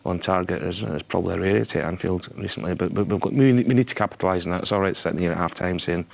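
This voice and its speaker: A man pundit giving measured studio football analysis. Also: low-pitched, gravelly, a little mellow.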